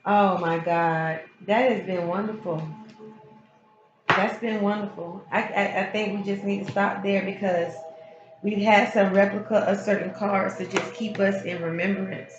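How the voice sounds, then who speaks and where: A woman's voice: medium pitch, fairly even intonation, measured pace. A woman giving a casual spiritual tarot reading, speaking frankly and emphatically and often repeating her key phrases. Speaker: tarot reader. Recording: roomy, slightly dull sound with music behind. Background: background music.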